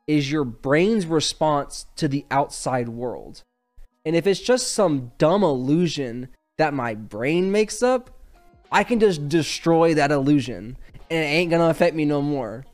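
Casting: young male podcast host, rambling and filler-heavy, slightly higher voice. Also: animated, measured pace, a little mellow, faint music behind. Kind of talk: casual chat.

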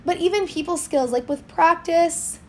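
A young woman, telling a lively story in a casual podcast chat. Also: very high-pitched, a loud crowd. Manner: animated storytelling, quick swings in loudness. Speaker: swim school owner, guest.

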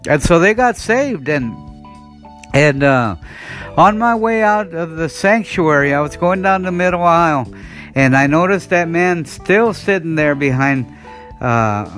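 A man with a fairly high voice preaches a sermon, retelling a testimony in an earnest way and often restarting with "and, uh". Soft guitar music plays faintly under his voice. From United States. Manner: earnest storytelling, many "and, uh" restarts.

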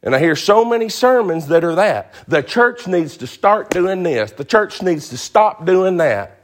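A man's voice: high-pitched, very animated, unhurried. A male pastor preaching a sermon in a folksy, emphatic way, repeating phrases for stress.

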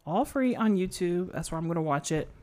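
A woman's voice: on the low side, animated, brisk, darkish tone. Rambling woman podcast co-host. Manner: rambling, with many fillers and restarts. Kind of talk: casual chat about a film.

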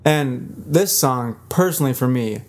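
A man's voice: medium pitch, animated, unhurried. A man co-hosting a casual podcast album review, talking with enthusiasm and breaking into sung lyrics. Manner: enthusiastic, sings lyrics aloud. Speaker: podcast co-host.

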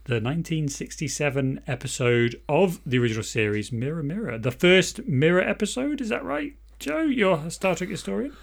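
A man's voice: a little high, animated, brisk, gravelly, hardly any pauses. A man co-hosting a podcast in casual chat, joking around and tossing out rhetorical questions. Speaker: podcast co-host.

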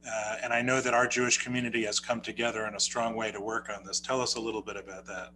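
A man with a New Jersey accent co-hosting a podcast interview, talking in a halting way full of filler sounds. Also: fairly low pitch, little pitch movement, sharp tone, slight background noise, rough recording. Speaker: podcast co-host. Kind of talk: casual interview chat.

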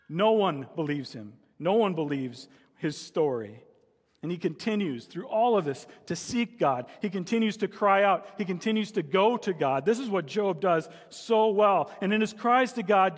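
A man's voice: high voice, big-room sound. A male pastor preaching a sermon and telling a story, his voice climbing into dramatic cries when he voices the pleas of the people in it.

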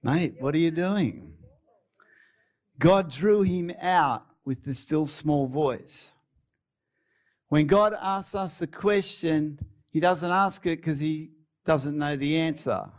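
An Australian man preaching a sermon, chatty and prone to laughing asides while he tells stories dramatically. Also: a little high.

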